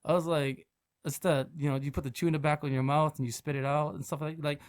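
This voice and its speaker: A young man with a fairly high voice tells a story on a podcast. He swears and laughs often as he talks, in a loose, casual way. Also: level tone, fast talker, clear, resonant tone. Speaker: podcast guest, restaurant manager and food truck owner.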